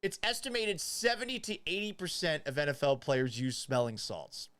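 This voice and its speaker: A man hosting a sports commentary show, mocking and profane, swinging between loud outbursts and quiet asides. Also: fairly high pitch, sing-song, moderate pace, clear, resonant tone, no echo.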